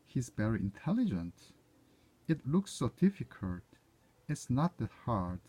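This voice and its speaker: A man whose first language is Korean reads short English conversation lines aloud in turn, stopping now and then to correct himself. His voice is husky and mellow. He talks at an unhurried pace and his pitch moves in a lively way. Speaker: proofreader reading aloud. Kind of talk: reading practice phrases aloud.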